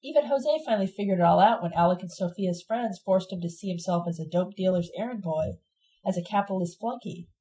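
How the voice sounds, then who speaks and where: In this read-aloud novel, an angry young radical woman hurls accusations and sarcasm, as a woman narrator puts her on. The tone stays mellow and dark rather than bright. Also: fairly low pitch, fairly quick, natural voice, poor audio. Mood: furious. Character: furious disillusioned young woman radical, bitter.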